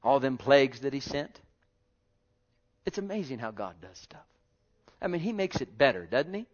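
A man preaching a sermon, swinging between loud exclaiming and quiet asides and calling out to his congregation. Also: mid-range voice, big pitch swings, moderate pace, dull audio. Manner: calls out to the congregation.

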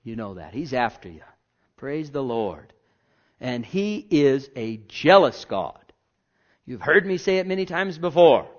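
A man preaching a sermon as pastor, swinging between loud declarations and hushed asides and pressing the listeners with rhetorical questions. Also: medium pitch, big pitch swings, measured pace. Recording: dull lo-fi recording.

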